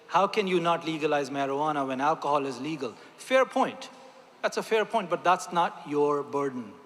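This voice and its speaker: A man's voice: fairly high pitch, fairly bright tone. A man, a doctor, giving an earnest, emphatic speech at a religious convention, speaking directly to the audience. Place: large convention hall. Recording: long hall reverb.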